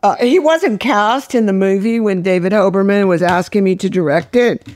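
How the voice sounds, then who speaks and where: A woman's voice: medium pitch, moderate pace, a little mellow, no room sound. Blunt, salty older woman director. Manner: blunt, salty, storytelling with laughs. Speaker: film director, guest. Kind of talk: casual interview chat.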